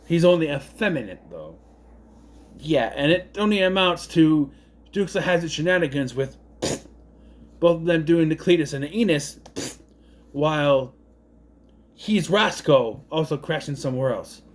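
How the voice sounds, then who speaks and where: A man giving a casual, rambling film review, full of puzzled asides and quick mocking impressions. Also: a little high, expressive.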